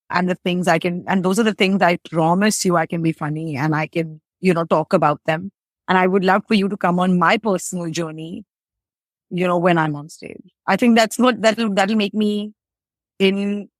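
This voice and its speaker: A woman's voice: fairly low pitch, dry recording. A woman comedian from India with an Indian English accent. She talks animatedly in an interview and often restarts her sentences. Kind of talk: interview conversation.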